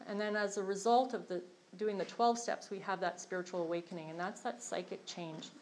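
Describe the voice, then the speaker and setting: A woman's voice: medium pitch, steady tone, brisk, darkish tone, a little hiss or hum, rough recording. Earnest woman sharing her recovery story. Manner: earnest, self-deprecating, with frequent fillers and restarts. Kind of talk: candid personal testimony.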